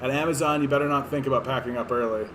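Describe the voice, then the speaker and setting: A man's voice: medium pitch, steady tone, very fast, background noise. A man in his thirties from Canada, rambling through casual political commentary on clips, sarcastic and profane, full of fillers and restarts. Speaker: political streamer.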